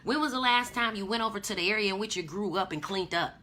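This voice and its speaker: A woman's voice: mid-range voice, fast talker, sharp tone, a little hiss or hum. A woman hosting her own podcast, preaching emphatically in slangy casual talk. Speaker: podcast host. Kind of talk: casual motivational monologue.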